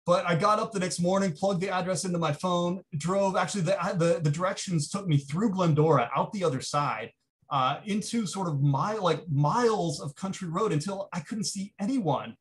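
A man's voice: high-pitched, normal speed. A man giving a keynote talk, telling an anecdote in a conversational way with frequent restarts. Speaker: keynote speaker. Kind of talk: storytelling lecture.

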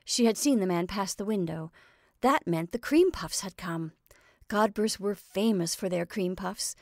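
Brief: woman narrator, measured storybook reading, mid pitch, dry room. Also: no room sound.

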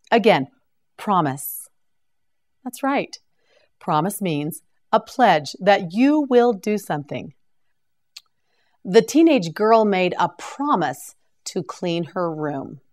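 A woman teaching English vocabulary in a scripted drill, enunciating each word carefully and praising the learner. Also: mid-range voice. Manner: slow, carefully enunciated repetition with encouraging praise.

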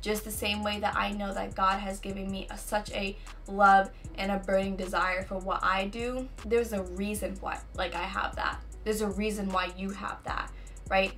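A woman's voice: medium pitch, fairly bright tone. A young adult woman hosting a casual faith-based talk, chatty and full of "you know what I'm saying.". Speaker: podcast host.

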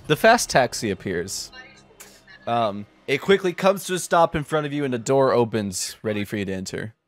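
A man's voice: mid-range voice, animated, normal speed, soft background music. A man running a tabletop game as game master, laughing often and narrating with frequent fillers.

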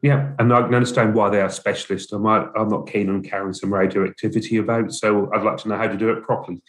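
A man's voice: on the low side, little pitch movement, fast talker. An English man co-hosting a podcast, chatting casually in short, plain remarks with light laughs. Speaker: podcast co-host. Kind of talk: casual chat.

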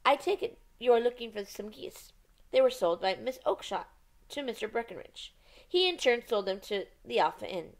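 A woman reading the part of a cool, commanding male detective in a measured, authoritative way. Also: on the high side, big pitch swings. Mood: polite.

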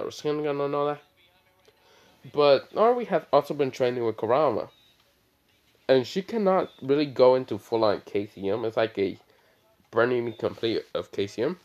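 Brief: young male storyteller, unhurried, hesitant, filler-heavy delivery. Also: mid-range voice, a little mellow. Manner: halting, many fillers and throat clearing. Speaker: fan storyteller. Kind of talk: improvised fan-fiction retelling.

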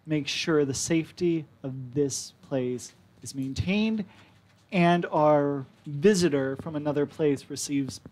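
A man's voice: on the high side, slow pace, a little mellow. A man voicing a formal, officious woman mayor in a tabletop game. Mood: placating. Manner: stiff, officious speech. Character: formal middle-aged woman town mayor.

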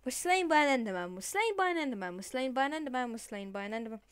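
A woman's voice: high voice, lively intonation, very fast, clear, resonant tone, no echo. A woman giving casual Minecraft gameplay commentary, chatting to the mobs and villagers and swearing playfully as she goes. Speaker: Minecraft let's player.

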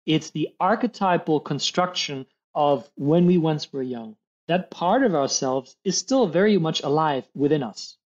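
A man speaking as a high-performance coach in a gentle coaching conversation. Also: highs cut off. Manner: gentle, acts out quoted voices.

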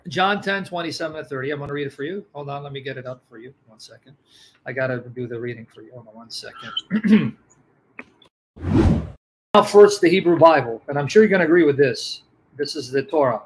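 A man's voice: fairly high pitch, expressive, normal speed, pauses often, slight background noise, rough recording. A man in a live religious debate, pressing his opponent with questions and reading scripture aloud. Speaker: Christian debater.

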